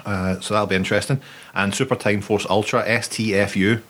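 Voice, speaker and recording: A man's voice: fairly low pitch, steady tone, fairly quick, fairly bright tone. A young man co-hosting a podcast, rambling and jokey in casual chat. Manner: jokey, rambling, swears freely. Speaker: podcast co-host.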